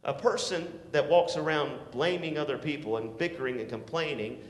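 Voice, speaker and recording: A man preaching a sermon to teenagers, swinging from shouts to hushed tones and calling for responses. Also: on the high side, normal speed. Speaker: youth pastor. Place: church sanctuary. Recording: echoey hall.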